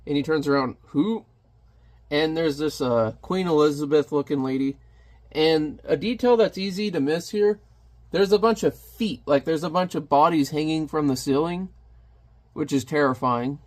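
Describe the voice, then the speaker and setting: A man's voice: on the high side, moderate pace. A man casually reviewing a comic, chatty and joking as he narrates the panels. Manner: chatty, jokey asides.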